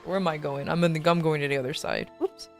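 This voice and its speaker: Over soft background music, a VTuber streamer with a deep voice talks fast while playing games. The young woman is blunt and casual, cursing freely, laughing often, and imitating people in mocking put-on voices.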